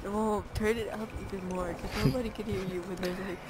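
Woman gamer, pushy and teasing, mid-pitch, loud crowd chatter underneath. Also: fairly even intonation, brisk. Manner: teasing, insistent, laughs a lot. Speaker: game player. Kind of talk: casual voice chat. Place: online game voice chat.

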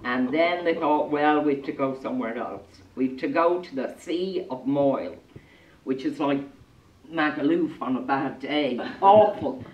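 A woman's voice: deep voice, measured pace, muffled recording. A woman telling a story live to children, playful and full of jokey asides. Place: arts centre room with audience. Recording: echoey room, mic at a distance.

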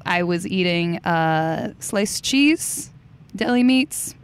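An American woman talking casually as a podcast guest, chatty and quick to laugh. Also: fairly low pitch, expressive, a little hiss or hum. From United States. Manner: chatty, laughs easily, teasing. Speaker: podcast guest, CrossFit coach. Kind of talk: casual interview chat.

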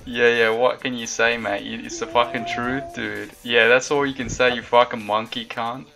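A man's voice: medium pitch, level tone, moderate pace, creaky. A man with an Australian accent, insulting other players nonstop in an online game's voice chat. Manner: insulting, swearing constantly. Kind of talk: abusive trash talk in voice chat. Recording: game voice chat over loud music.

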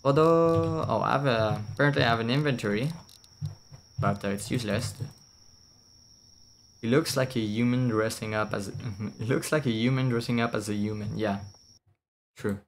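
A man's voice: fairly low pitch, fairly even intonation, moderate pace, long pauses, slight background noise. A man, casually commentating a game while streaming, blunt, swearing and laughing often. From France. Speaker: VTuber streamer.

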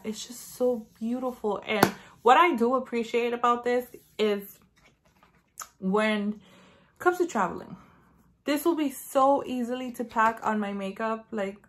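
A woman beauty vlogger chatting casually, telling a rambling story full of "like" and acting out her own lines. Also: mid-range voice. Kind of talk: casual chat.

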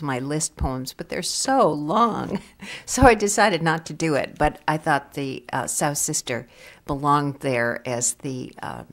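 An older woman, a poet and professor, reading her poems aloud slowly and deliberately at a library event, letting phrase endings drop to a soft whisper. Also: deep voice, vocal fry. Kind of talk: poetry reading.

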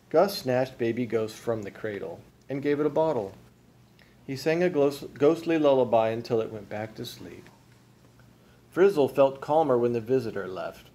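Dad reading a storybook aloud, mellow. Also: male voice, medium pitch. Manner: storytelling, pausing to ask the listener questions. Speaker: father. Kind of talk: reading a picture book aloud to children.

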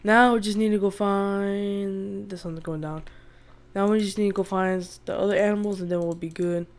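A woman's voice: medium pitch, steady tone, normal speed, a little mellow. A woman giving casual, chatty let's-play commentary as she plays a survival game, laughing often and bursting out in exasperation at the animals. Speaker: gaming video host.

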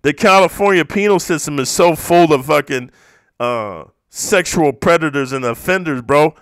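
A man from the eastern United States ranting at his viewers in a profane, confrontational monologue that swings between low muttering and loud outbursts. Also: animated, moderate pace, smooth, no echo, studio quality. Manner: profane, confrontational, says "bro" constantly. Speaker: YouTuber reacting to comments.

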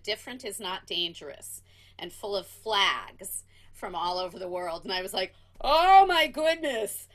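A woman leading a teachers' workshop over a video call, singing a slow, repetitive children's song with her guitar, then talking loosely with many fillers. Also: mid-range voice, pushed and bright. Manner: sings slowly with repeated echo lines, then chats loosely with fillers. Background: her own acoustic guitar.

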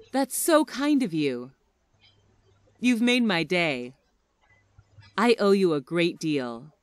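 For a listening exercise, a medium-pitched female voice enunciates brief, everyday English phrases one after another with care and expression. The recording is dry.

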